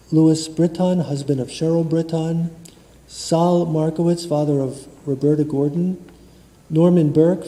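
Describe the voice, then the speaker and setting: Slow, dark-voiced man leading worship. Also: fairly high pitch. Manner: measured, reads a memorial list of names; chants Kaddish prayer slowly. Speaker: synagogue service leader. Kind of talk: leading a prayer service. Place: synagogue sanctuary. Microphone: livestream room mic. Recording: long reverb of a large sanctuary.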